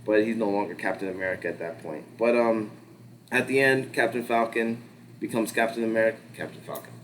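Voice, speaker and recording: Low-voiced man rambling casually. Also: steady tone, a little fast, fairly bright tone, a little hiss or hum. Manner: rambling, filler-heavy, swears freely. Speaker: podcast co-host. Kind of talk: casual pop-culture discussion.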